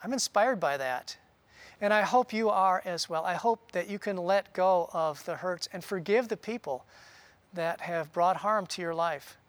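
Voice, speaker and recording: A man preaching a sermon in an earnest, conversational way, often pausing with "uh". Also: high voice, no room sound. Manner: earnest, conversational, with frequent "uh" pauses. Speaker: pastor.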